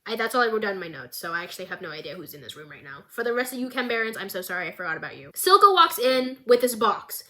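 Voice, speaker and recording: A woman's voice: medium pitch, very animated, racing, hardly any pauses, sharp tone. A woman vlogger giving a casual, chaotic show recap with jokey, rambling asides.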